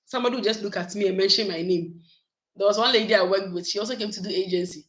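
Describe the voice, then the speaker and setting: A woman, chatting casually with her viewers in a vlog, animated and laughing often. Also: medium pitch, quick pace, rough recording. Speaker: YouTube vlogger. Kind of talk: casual live chat with viewers.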